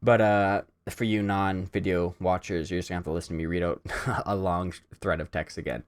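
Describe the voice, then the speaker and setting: A young Canadian man hosts a casual solo podcast, telling rambling stories packed with "like" and "um." His low-pitched voice is smooth and a little fast, with fairly even intonation.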